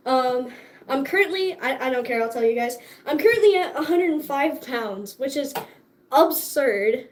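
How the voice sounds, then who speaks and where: A young woman hosts a casual livestream, chatting in a bubbly, profane way and laughing often. She's tired and sore after dance class, and her voice sits high.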